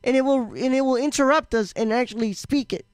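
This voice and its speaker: A man's voice: very high-pitched, a little fast, clear, resonant tone, dry recording. Man, casual live-stream co-host, rambling, fillers and restarts, dry mic. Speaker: podcast co-host.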